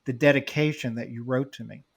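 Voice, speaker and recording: A man co-hosts a podcast in a mid-pitched, everyday voice. He is effusive toward his guest and speaks casually. Then he closes the show. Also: steady tone, brisk, creaky, slightly rough. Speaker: podcast co-host. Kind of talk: casual interview chat.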